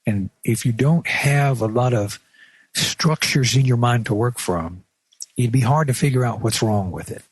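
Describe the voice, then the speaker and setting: A man talks through a lesson on a radio show in a plain, measured way, now and then restarting a phrase. His voice has a husky edge, and the sound is dry and close with no room echo. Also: mid-range voice. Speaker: radio show presenter teaching. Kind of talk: instructional radio talk.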